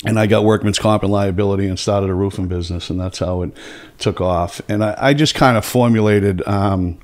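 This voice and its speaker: A man's voice: lowish voice, fairly even intonation, brisk, darkish tone. A middle-aged man, hosting a casual podcast and telling long stories, full of fillers and profanity. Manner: rambling, heavy on fillers and profanity. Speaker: podcast host. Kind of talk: casual storytelling chat.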